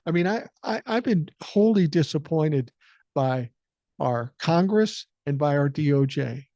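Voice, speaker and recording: A man's voice: on the high side, lively intonation, a little slow, dark tone, no room sound, muffled recording. An older man hosting a podcast, talking politics in a blunt, indignant, profane way. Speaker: podcast host. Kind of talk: casual political chat.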